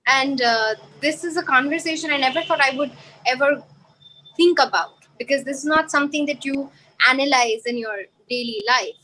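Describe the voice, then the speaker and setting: A woman's voice: sits high, normal speed, bright, forceful tone, slight background noise, low-quality recording. A woman reflecting aloud in a casual group conversation over a video call, hesitant and full of filler words. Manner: musing, hesitant, many "like" fillers. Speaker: panel participant.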